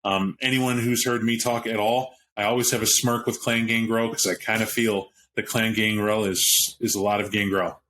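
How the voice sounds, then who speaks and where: A man's voice: fairly low pitch, level tone, normal speed, hardly any pauses, a bit bright, slight background noise. A man on a podcast panel, talking animatedly about a tabletop game with frequent restarts and asides. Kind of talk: casual roundtable chat about a tabletop game.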